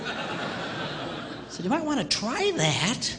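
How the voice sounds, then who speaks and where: Animated joking male preacher. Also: extremely high pitch, slow pace, long reverb tail, background noise. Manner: animated, acts out quoted dialogue, jokey. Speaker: pastor. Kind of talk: humorous sermon storytelling.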